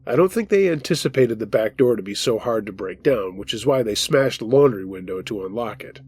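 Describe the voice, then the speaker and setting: Man calmly reading a scary story. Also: mid-range voice, slightly rough, dry recording. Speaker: storytelling host. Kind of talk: first-person reading of a listener's horror story.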